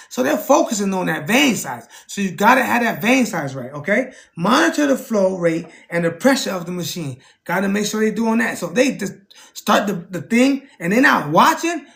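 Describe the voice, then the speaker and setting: His voice is creaky as this male streamer talks animatedly and casually to his chat. He peppers his talk with "you know what I'm saying" and shoots up in pitch while acting out dialogue.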